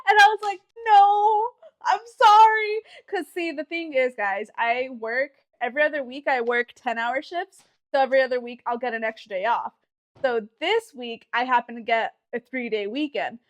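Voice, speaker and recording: A woman's voice: on the high side, moderate pace. A young woman co-hosting a podcast, teasing her older brother in casual chat. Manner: teasing, playful, laughs often. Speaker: podcast co-host.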